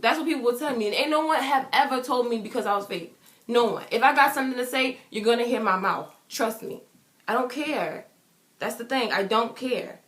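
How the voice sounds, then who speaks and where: In a vlog recorded in a room with noticeable echo, a young adult woman tells a personal story in a brisk, bright, slightly high voice. She is emphatic and repetitive, acting out what other people said.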